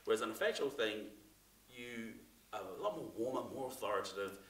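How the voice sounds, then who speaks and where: A man's voice: mid-range voice, lively intonation, brisk. A man giving a casual, chatty talk to a class, full of fillers and restarts. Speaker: seminar presenter. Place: theatre room. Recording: echoey room, mic from far off.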